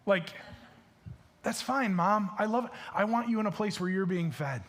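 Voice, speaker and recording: High-voiced casual man preaching. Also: animated, normal speed. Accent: Michigan. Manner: casual, filler-heavy with many restarts. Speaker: pastor. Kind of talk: sermon. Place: church stage.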